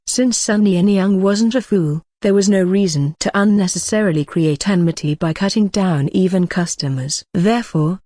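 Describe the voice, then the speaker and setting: An audiobook narrator reading a translated martial arts novel in an even, matter-of-fact way. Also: mid-range voice, no room sound, studio quality. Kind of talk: scripted narration.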